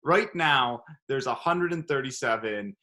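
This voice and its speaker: A man hosting an interview, asking measured, precise questions. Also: mid-range voice, expressive, sharp tone. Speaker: host.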